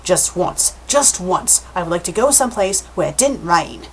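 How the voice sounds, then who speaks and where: A woman's voice: on the low side, big pitch swings, moderate pace, slight background noise. Woman reading as weary young hero. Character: young man on a mission, weary and determined.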